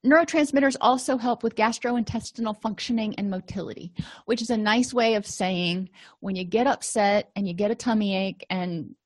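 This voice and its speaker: A woman's voice: mid-range voice, no echo. A middle-aged woman presenting a wellbeing lecture in a chatty, conversational way with wry asides.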